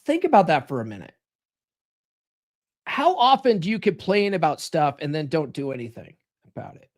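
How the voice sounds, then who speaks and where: A man's voice: on the high side, sing-song, moderate pace. A man hosting a live stream, talking casually in a blunt, profane, coaching tone. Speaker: live stream host giving dating advice.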